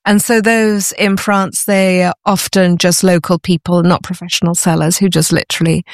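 A middle-aged woman being interviewed, chatty and enthusiastic, often pausing with ums as she explains. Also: on the low side, level tone, no echo, clean studio sound. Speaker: guest, antiques author. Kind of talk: conversational interview.

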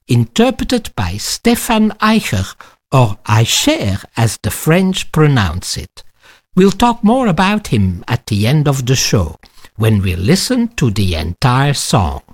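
A man hosting a music program, presenting from a script in a measured, deliberate way. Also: fairly high pitch, slightly rough. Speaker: host.

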